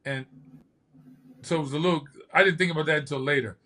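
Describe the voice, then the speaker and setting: He talks fast, his voice on the high side, as he shares casual stories. The speaker is an older man, a podcast host and former bodybuilder, who animatedly acts out the quotes.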